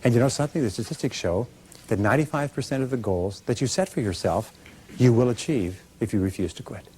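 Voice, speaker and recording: A man's voice: medium pitch, fast talker, a little mellow, slight background noise. A man giving a motivational speech to a live audience, emphatic and acting out little dialogues. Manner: emphatic, acts out dialogue, leads audience call-and-response. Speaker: motivational speaker.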